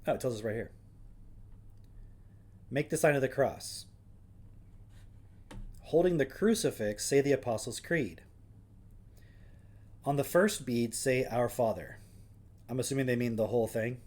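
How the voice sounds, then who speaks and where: A man's voice: mid-range voice, measured pace, pauses often, darkish tone. A man with an ordinary mid-range voice hosts a casual livestream. He reads passages aloud, then interrupts himself with dry, sarcastic questions and offhand comments. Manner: wry, sarcastic asides between read passages. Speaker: livestream host.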